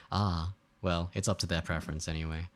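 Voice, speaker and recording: A man's voice: sits low, fairly even intonation, moderate pace. A man casually chatting while streaming a game, rambling and joking as he reads chat aloud.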